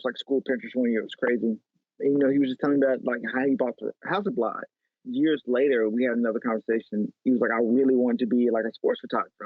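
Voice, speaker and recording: A man's voice: mid-range voice, no room sound. Chatty man on a tinny remote line. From Chicago, USA. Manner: animated, chatty, lots of "like". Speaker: guest photo editor. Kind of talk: casual interview storytelling.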